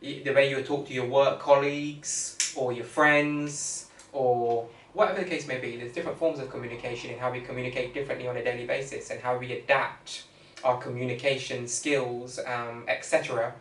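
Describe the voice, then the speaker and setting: A man's voice: medium pitch, fairly even intonation, brisk, a bit bright. A man co-hosts a podcast in an easy, rambling way, leaning on filler phrases and circling back over his point. His voice sits in an ordinary middle register. He sounds a little distant from the mic, in a roomy space with a faint hiss. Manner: rambling, repeats "you know what I mean". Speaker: podcast co-host. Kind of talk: casual chat.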